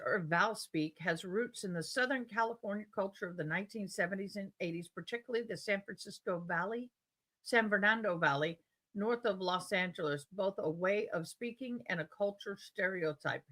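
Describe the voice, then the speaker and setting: A woman's voice: mid-range voice, sharp tone. A woman with a Tidewater Virginia accent hosting a live stream, chatting casually and rambling as she reads comments aloud.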